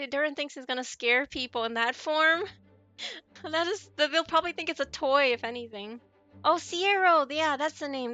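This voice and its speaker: A woman's voice: high voice, bright, forceful tone, no echo. A woman streamer chatting casually with her viewers while she plays a game, giggling often and answering messages from chat.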